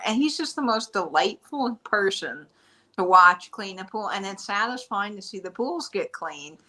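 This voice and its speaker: A woman hosting a casual live-stream chat, telling stories in an animated, chatty way. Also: mid-range voice, moderate pace, rough recording. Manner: chatty storyteller, animated retelling. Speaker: shop host.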